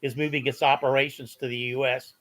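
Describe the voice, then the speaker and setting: A man chatting on a political podcast, halting and incredulous as he talks. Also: mid-range voice, flat delivery, a bit bright. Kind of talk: casual political chat.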